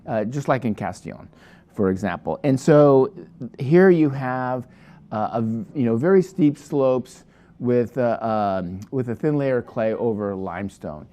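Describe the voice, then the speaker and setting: A man pitches a wine from his shop in a loose, chatty review. He rambles and sidetracks himself, restarting his sentences often, in a mellow, darker voice. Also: expressive, a little slow. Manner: rambling, digressive, many restarts.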